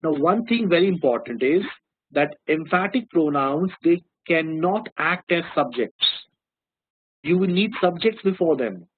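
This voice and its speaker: A man's voice: a little high, lively intonation, a little slow, slightly rough. A man with an Indian English accent teaching a grammar lesson, explaining patiently, repeating key terms and checking whether students follow. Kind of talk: classroom-style lesson. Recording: dry, phone-like narrow sound.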